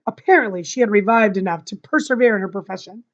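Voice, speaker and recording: A woman's voice: mid-range voice, fast. Woman reading a novel aloud, lo-fi. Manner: expressive, chatty asides to listeners. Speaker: reader. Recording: dull lo-fi recording.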